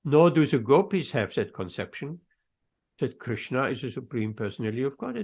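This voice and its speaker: Gravelly-voiced man giving a scripture talk. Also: mid-range voice, very animated, darkish tone. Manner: storytelling, acts out quoted voices; unhurried, pauses mid-phrase. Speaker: spiritual teacher.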